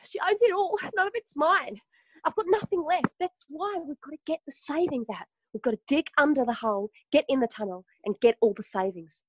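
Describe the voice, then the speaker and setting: A woman's voice: a little high, fairly quick, hardly any pauses, mellow, dry recording, natural voice, rough recording. A woman acting a frantic, melodramatic zoo worker in an improvised comic soap. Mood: urgent. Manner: breathless and melodramatic. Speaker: improv actor.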